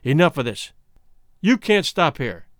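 A man's voice: on the high side, big pitch swings, measured pace, a bit bright, dry recording, studio quality. Womble, a man voicing a grim blunt miner. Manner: blunt, commanding, threatening. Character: grim, forceful man defending a sick woman.

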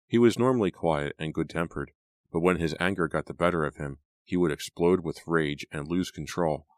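Very deep-voiced male narrator. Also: dry recording. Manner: steady, dramatic storytelling. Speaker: audiobook narrator. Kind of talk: scripted narration.

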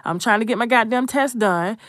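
A woman's voice: a little high, fairly quick, fairly bright tone, no room sound, studio quality. A young adult woman content creator giving a blunt, profane, emphatic commentary rant.

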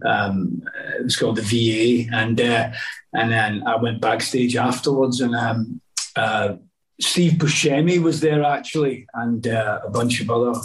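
A middle-aged guest actor chats casually, telling rambling stories full of restarts and asides. He speaks at a medium pitch and a little slowly, and his voice sounds a bit distant from the mic.

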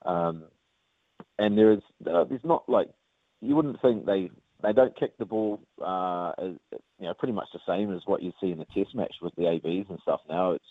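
A man with a New Zealand accent, a rugby player chatting casually in an interview, relaxed with lots of fillers. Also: deep voice, normal speed, dry recording. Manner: relaxed, many fillers, says mate often. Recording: tinny phone line, dry.

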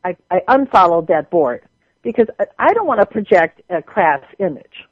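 A woman's voice: on the low side, very animated, moderate pace, slightly rough, no echo, narrow, tinny audio. A woman with a Wisconsin accent, a social media tutor talking casually as a radio guest, folksy and chatty. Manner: chatty, folksy, laughs often.

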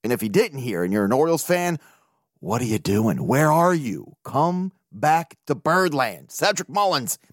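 A man hosting a casual sports talk podcast, animated and profane, laughing often as he rants. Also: medium pitch, normal speed, no room sound, studio quality. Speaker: podcast host.

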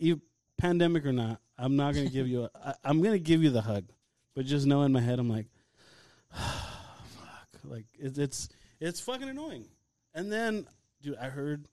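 Mellow-voiced man telling a story. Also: medium pitch, a little fast, no room sound, clean studio sound. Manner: swears often, animated anecdote telling. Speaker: podcast host. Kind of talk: casual chat.

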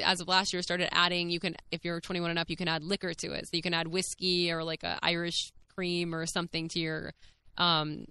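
A woman podcast host, chatting casually, bubbly and rambling, talking fast with frequent laughs. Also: medium pitch, bright, forceful tone, smooth, dry recording. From Texas. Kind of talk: casual chat.

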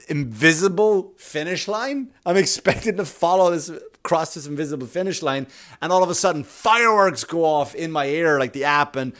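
A man telling a story in a casual monologue, animated and self-mocking, with a lot of swearing. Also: on the high side.

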